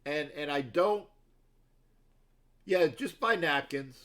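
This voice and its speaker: This livestream sports show host has a fairly high, pushed, bright voice and takes his time speaking. He rambles casually with his viewers through various stories, frequently restarting and wandering into asides.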